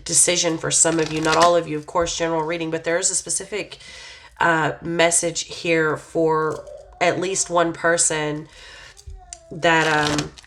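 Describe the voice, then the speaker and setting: A woman with a somewhat low voice talks through a tarot reading in a relaxed, casual way. She meanders and hesitates, leaning on fillers as she muses aloud about what she senses. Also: a little slow, slight background noise. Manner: reflective, intuitive musing. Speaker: tarot reader.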